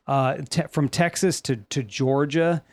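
Man host, lively, jokey, breaks into bits. easy casual podcast chat. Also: medium pitch, measured pace. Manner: animated, laughing, slips into joking voices.

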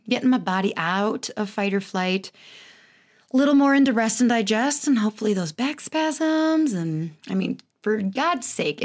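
A woman in her thirties hosting her own podcast, talking alone in a candid, self-mocking way, often jumping up in pitch. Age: 30s. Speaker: podcast host. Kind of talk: casual solo podcast monologue.

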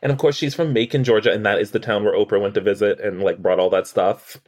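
A man co-hosting a casual podcast, recapping a TV episode in an animated, profane way and acting out characters' lines. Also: lowish voice, fast talker. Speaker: podcast co-host. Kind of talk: casual chat recapping a TV show.

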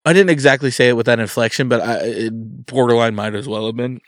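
A man's voice: medium pitch, quick pace, no echo. Guy telling a story in a chill chat, acts out the quotes, dry mic. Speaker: guest.

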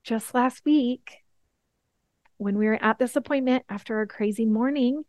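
A woman in her thirties hosting a motivational podcast, earnest and emphatic, slowing down on the words that matter. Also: a little high, darkish tone, no echo, studio quality. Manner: earnest, emphatic, slows down for key points. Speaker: podcast host.

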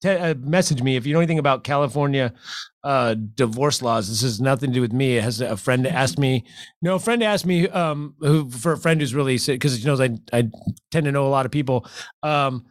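A man's voice: mid-range voice, brisk, no room sound, studio quality. A man co-hosting a live show, chatting casually in a joking manner. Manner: jokey, puts on shouted voices in bits. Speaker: livestream co-host. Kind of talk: casual chat.

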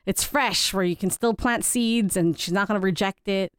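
A woman's voice: mid-range voice, normal speed, clean tone, dry recording, clean studio sound. A woman in her thirties, co-hosting a podcast and telling a family story in a candid, casual way, laughing now and then. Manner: candid, laughs between stories, quotes people in changed voices. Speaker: podcast co-host.

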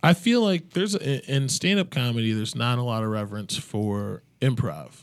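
A man hosting a casual comedy podcast, joking loudly and crudely. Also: medium pitch, normal speed, clean tone, no echo. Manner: loud, crude joking with lively swings. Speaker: podcast host.

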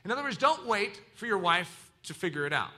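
A man's voice: high-pitched, big pitch swings, fairly quick, bright, forceful tone. A man preaching a sermon as pastor, teaching in an emphatic, preacherly way.

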